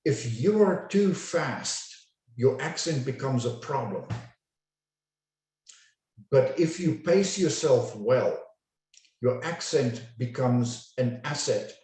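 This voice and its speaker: Slow, deliberate man in an echoey room. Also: medium pitch, animated, a little mellow. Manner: slow, deliberate, carefully enunciated. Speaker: communication coach. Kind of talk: webinar lecture. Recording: very echoey room, distant mic.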